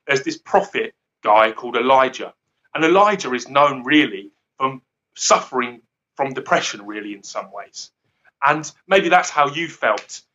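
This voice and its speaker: A man's voice: medium pitch, animated, moderate pace, sharp tone, dull audio. A man giving an earnest, rambling devotional talk who often laughs at himself. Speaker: guest speaker.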